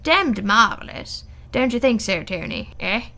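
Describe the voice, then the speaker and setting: A woman reading the part of a lazy, foppish English gentleman with a slow, languid drawl. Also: on the high side, big pitch swings, gravelly, full character voice.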